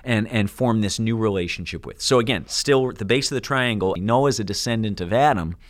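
A man's voice: fairly low pitch, fairly quick, no echo, studio quality. A man co-hosting a podcast, explaining in an earnest, teaching way with wry asides. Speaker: co-host.

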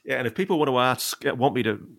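A man speaking as an investigative journalist guest in an animated interview, emphatic and sarcastic. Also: mid-range voice, quick pace, gravelly, no room sound. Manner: emphatic, sarcastic, mocking quoted officials.

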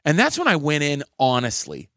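A man co-hosting a podcast tells a heckler story with a lively, swinging pitch, breaking into loud acted-out quotes. His voice sounds dry and close, with no room around it. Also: fairly quick, dry recording. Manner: swears freely. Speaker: podcast co-host and stand-up comedian. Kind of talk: animated storytelling in casual chat.

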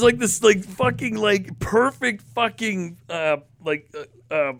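A man's voice: high voice, slow, dry recording. Man, podcast co-host, swearing storyteller, dry close sound. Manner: profane, animated storyteller. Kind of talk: casual chat, storytelling.

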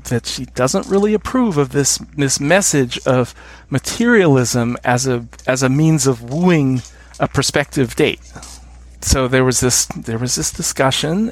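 Enthusiastic middle-aged American man. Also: mid-range voice. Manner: enthusiastic, chuckles often, hums tunes while explaining. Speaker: podcast guest. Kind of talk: casual interview chat.

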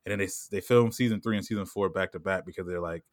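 In clean studio sound without echo, a deep-voiced man chats on a podcast, rambling with heavy use of "like" and "you know what I'm saying." He laughs often and slips into quick voices whenever he quotes someone.

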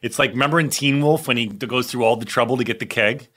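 A man's voice: mid-range voice, fast, a bit bright. A man in his forties from New Jersey, a podcast co-host, joking and steering the conversation. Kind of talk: casual chat.

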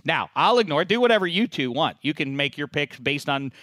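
A man hosting a casual sports chat, mock-pompous and given to sudden loud, excited announcing. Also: a little high, fairly quick, no echo, clean studio sound. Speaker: podcast host.

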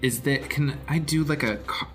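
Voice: medium pitch, moderate pace, loud music behind the voice. A player chatting casually and wryly at a tabletop game.

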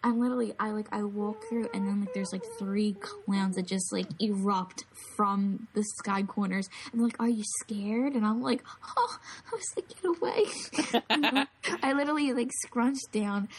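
A woman's voice: medium pitch, fairly even intonation, moderate pace, slight background noise, low-quality recording. A young woman co-hosting a podcast, telling a story animatedly with lots of filler words. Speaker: podcast co-host. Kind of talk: casual chat, storytelling.

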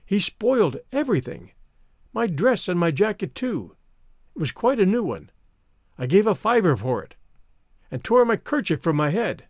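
A man's voice: sits high, big pitch swings, normal speed, pauses often, no echo, clean studio sound, exaggerated voice. A man reading the part of a battered young servant woman, bitter yet tender, in a whining, lamenting tone. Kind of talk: audiobook character reading.

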